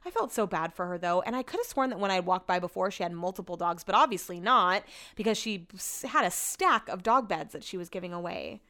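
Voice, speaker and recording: A woman's voice: fairly low pitch, lively intonation, brisk, few pauses, pushed and bright. A young adult woman hosting a podcast in casual chat, rambling and chatty, saying like a lot and swearing offhand.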